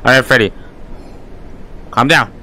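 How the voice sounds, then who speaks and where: A man's voice: mid-range voice, a little slow, sharp tone. A young man giving casual gameplay commentary, jittery and swearing, laughing nervously. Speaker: gaming YouTuber.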